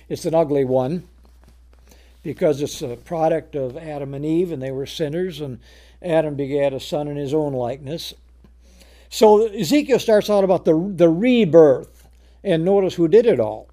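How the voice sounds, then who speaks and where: A man preaching a sermon, reading scripture aloud in old-fashioned wording and explaining it in plain speech, often repeating words and rising to loud emphasis on key words. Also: fairly high pitch.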